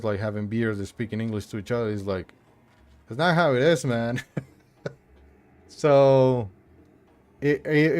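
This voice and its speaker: A man's voice: mid-range voice, a little mellow, clean tone. Laid-back rambling male streamer. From Mexico. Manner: rambling, laid-back, many fillers and restarts. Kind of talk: casual chat while gaming.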